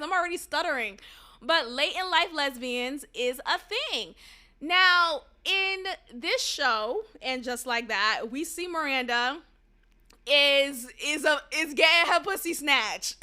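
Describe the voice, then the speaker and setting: A woman's voice: high voice, bright, forceful tone. A young woman hosting her own podcast, talking casually and animatedly, swearing freely and laughing at her own jokes. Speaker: podcast host. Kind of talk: casual solo podcast commentary.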